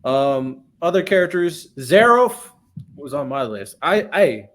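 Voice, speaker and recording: A man hosting a podcast in casual chat, relaxed as he reads viewer messages and gives his picks. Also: a little high, a little slow. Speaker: podcast host reading super chats.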